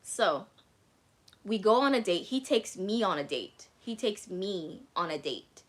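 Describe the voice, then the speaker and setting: A woman's voice: mid-range voice, lively intonation, unhurried. A young woman vlogger casually telling a frank story with plenty of swearing and "like" fillers. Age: young adult. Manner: frank, profane, many "like" fillers.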